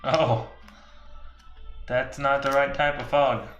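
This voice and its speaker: A man's voice: medium pitch, little pitch movement, slow pace, a bit bright, muffled recording, faint music behind. A man chatting casually while playing a board game, playful and humming little beep-boop noises. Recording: echoey room with faint noise.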